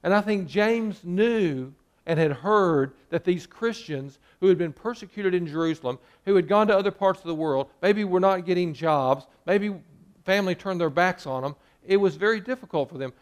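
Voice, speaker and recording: A man preaching a sermon with a voice pitched a little high. He talks to his congregation as a pastor and sometimes slips into the voices of the grumblers in his story. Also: normal speed. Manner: preaching, acting out quoted complaints.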